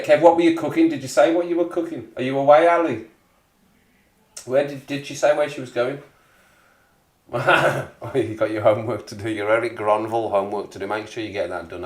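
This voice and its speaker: A man in his forties hosting a casual live stream, rambling and chuckling as he greets viewers in the chat. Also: lowish voice. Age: 40s. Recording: echoey room.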